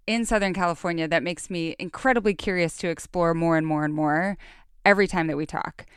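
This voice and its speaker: A woman's voice: on the low side, clean tone, no room sound, clean studio sound. A woman hosting a podcast, asking questions in a curious, easygoing way and laughing readily. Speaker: podcast host. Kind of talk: casual podcast conversation.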